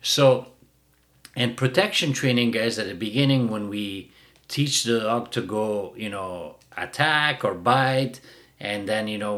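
A middle-aged man hosts a dog-training show in a blunt, mocking rant. His pitch swings up and down with lively emphasis. He talks loosely and casually, and he puts plenty of punch into his put-downs. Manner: blunt, mocking, bursts of laughter.

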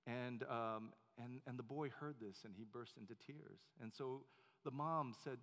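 Pastor telling a story in a reverberant church. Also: male voice, medium pitch, normal speed, a bit bright. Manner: conversational with many fillers and restarts. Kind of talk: sermon storytelling. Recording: long hall reverb.

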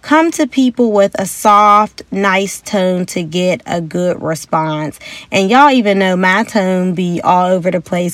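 Young woman hosting a chatty podcast. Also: no room sound. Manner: chatty and upbeat, acts out quotes in a higher voice. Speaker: podcast host. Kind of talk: casual motivational podcast talk.

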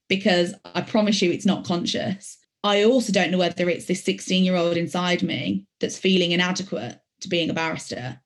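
Low-voiced young woman with a faint Birmingham accent. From Birmingham, England. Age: late 20s. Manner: earnest, reflective, with some self-correcting restarts. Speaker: barrister, podcast guest. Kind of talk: interview answers.

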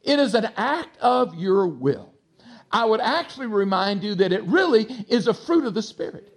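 A male pastor with a slight Texas twang preaching a sermon, swinging between loud exhortation and soft asides to the congregation. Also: sits high, very animated, moderate pace.

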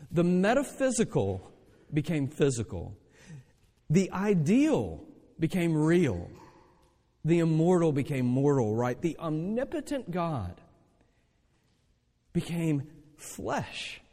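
A man preaching a sermon as pastor, animated, asking rhetorical questions and acting out the lines he quotes. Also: on the high side. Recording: long reverb of a large hall.

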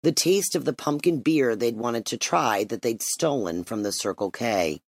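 Man, audiobook narrator, steady, measured, middle pitch, dry close recording. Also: dry recording.

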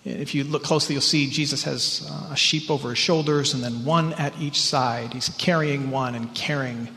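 A man preaching a sermon as pastor, earnest and emphatic, sometimes rising in pitch and sometimes dropping to a hush. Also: fairly even intonation, normal speed, gravelly. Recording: church hall reverb.

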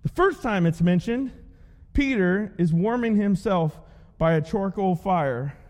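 Animated high-voiced man preaching. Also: a little slow. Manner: animated storytelling with playful character voices. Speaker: pastor. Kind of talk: sermon. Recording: long hall reverb.

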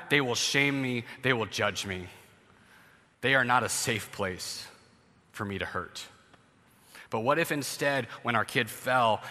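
A male pastor delivers a conversational sermon, sketching everyday scenes to make his points. His voice is bright and forceful. It rings out with a long reverb from a church hall. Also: medium pitch.

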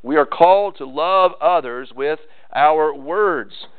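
A man's voice: a little high, takes it slowly. A male pastor preaching an earnest sermon, often restarting and repeating words. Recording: tinny phone-like sermon recording.

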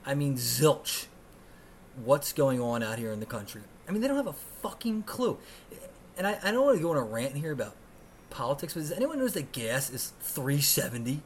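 A man's voice: medium pitch, very animated, moderate pace, slight background noise. Sarcastic ranting American man. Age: 30s. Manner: ranting, sarcastic and profane, swinging between mutters and outbursts. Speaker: podcast host. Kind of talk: solo podcast rant.

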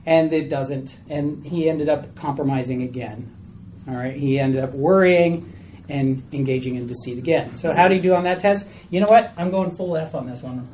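A woman teaching a small Bible study group in a chatty, animated way, asking questions of the class. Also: sits low, normal speed, a little hiss or hum, low-quality recording.

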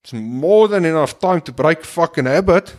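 A man's voice: fairly high pitch, expressive, moderate pace. A man with a slightly raised voice talks straight at his listeners in an impassioned monologue. He is blunt and preachy, and he swears constantly. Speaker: podcast host.

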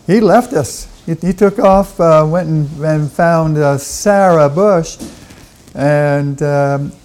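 A man playing a folksy Abraham Lincoln with a Southern backwoods drawl, talking haltingly with many fillers and restarts as a podcast guest. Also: a little high, a little mellow, reverberant, poor audio. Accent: Southern American.

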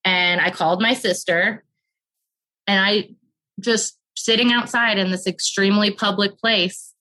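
A woman in her thirties with a bright, forceful voice shares a raw personal story as a guest. She speaks earnestly and openly, and her words tumble out faster when things get hard. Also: mid-range voice, steady tone, low-quality recording. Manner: earnest and open, rushes through emotional parts. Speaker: podcast guest.

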